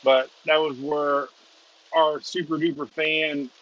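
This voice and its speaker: A man's voice: on the high side, little pitch movement, slow pace. Rambling storm-chasing man on a lo-fi stream. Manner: rambling, chuckling storyteller. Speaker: storm chaser, stream host. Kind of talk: casual live chat while driving. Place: inside a moving car.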